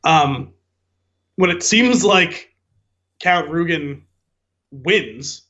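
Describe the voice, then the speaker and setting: A man with a fairly high voice talks through a film in a measured, explanatory way as a podcast co-host. His audio sounds slightly dull and muffled. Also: lively intonation, a bit bright. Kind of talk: casual movie discussion.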